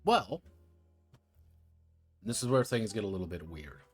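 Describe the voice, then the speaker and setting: A man's voice: on the low side, big pitch swings, unhurried, a little mellow, slightly rough, soft background music. A man casually reviewing tabletop roleplaying games on a stream, irreverent and sardonic, swearing freely and walking viewers through the rules. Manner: talks viewers through rule details. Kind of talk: casual livestream commentary.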